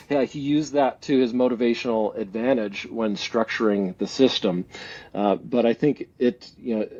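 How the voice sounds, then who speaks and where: Mellow-voiced Canadian man, reflective. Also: mid-range voice, breathy edge. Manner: reflective, laughs often, many restarts. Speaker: guest. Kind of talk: casual interview talk. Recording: slightly dull lo-fi audio.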